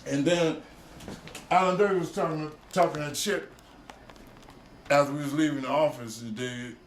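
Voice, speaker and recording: A man's voice: a little high, normal speed, a little hiss or hum. A man in his seventies, a jazz musician, telling old stories in a streetwise, profane way and often asking "you dig?". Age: 70s. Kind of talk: storytelling recollection. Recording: roomy echo with faint music behind.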